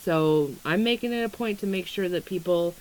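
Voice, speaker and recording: A young woman with a slightly low-pitched voice chats candidly to her audience. Her talk is loose and rambling, peppered with swearing and fillers as she jumps between topics. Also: moderate pace, darkish tone, rough recording. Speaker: astrology content creator. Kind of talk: casual vlog about weight struggles and astrology.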